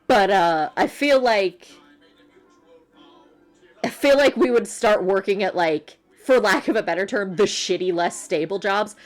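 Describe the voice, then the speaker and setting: A woman's voice: mid-range voice, a little slow, soft background music. A woman co-hosting a podcast movie watchalong, making wry, profane remarks in casual chat. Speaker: podcast co-host.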